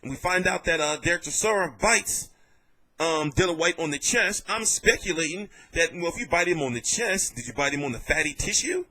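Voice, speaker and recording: A man giving casual vlog commentary on boxing, telling it in an animated, jokey and profane way. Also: on the high side, brisk.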